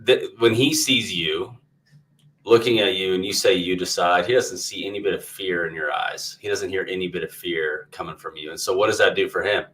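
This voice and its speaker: A man's voice: deep voice, moderate pace, fairly bright tone. A man hosting a podcast, affirming and building on his guest's points in casual conversation. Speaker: podcast host. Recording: distant from the mic.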